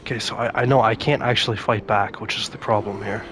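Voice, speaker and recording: Fast and fairly low-pitched, with fairly even intonation, a man comments on his gameplay in a let's-play video while noise hums behind him. He's a rambling YouTuber who talks to himself and lets out sudden frightened outbursts.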